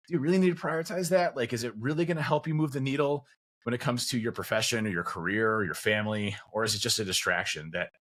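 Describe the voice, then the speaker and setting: A man talks quickly in a loose, rambling way, full of fillers and restarts. His voice is bright and forward, and he drops into little acted bits of dialogue as he goes. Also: fairly low pitch. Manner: acts out quoted dialogue. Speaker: podcast guest. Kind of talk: casual conversation.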